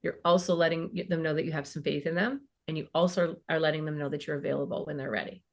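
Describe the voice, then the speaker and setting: A woman's voice: low-pitched, fairly even intonation, fast talker. A woman in her fifties, a child and family therapist, talking casually as a podcast guest and acting out bits of parent and teen dialogue.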